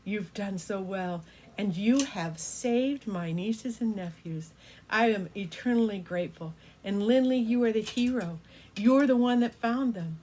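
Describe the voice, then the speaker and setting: A woman's voice: a little slow, a little hiss or hum, lightly acted, rough recording. A woman voicing a kindly male winged horse who gratefully thanks the children for saving his nieces and nephews. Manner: warm, deeply grateful, gushing.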